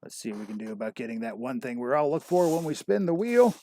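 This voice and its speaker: A man's voice: medium pitch, big pitch swings, fast, mellow, slight background noise. A man hosting a casual livestream and calling bingo numbers, chuckling often with self-deprecating banter. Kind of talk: casual live-stream chat.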